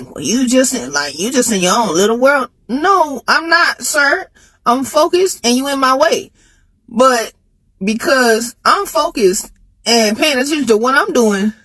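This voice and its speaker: A woman talking casually to camera, animated, laughing between phrases and jumping high in pitch when she makes a point. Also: husky, no room sound. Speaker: vlogger.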